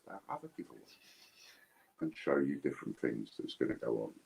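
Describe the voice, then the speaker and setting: A man's voice: very deep voice, lively intonation, fairly quick, gravelly, darkish tone, slightly rough. A man hosting a casual livestream chat over an iPad video call, rambling and repeating himself as he goes. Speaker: host.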